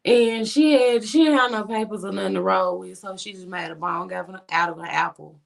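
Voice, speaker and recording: A woman guest on a podcast telling a story casually, animated and acting out what her friends said. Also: brisk, gravelly. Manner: animated, swings pitch to act out friends' lines.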